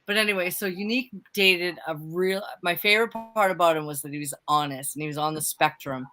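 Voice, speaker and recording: A woman co-hosting a live stream in casual chat, chatty and animated, talking in quick bursts. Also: lowish voice, faint music behind. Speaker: livestream co-host.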